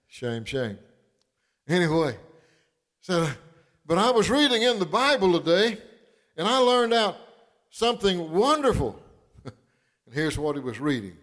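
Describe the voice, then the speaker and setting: A pastor, telling folksy stories with chuckles and building into fervent preaching. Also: male voice, on the high side, expressive, a little slow, long pauses, fairly bright tone. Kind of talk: sermon.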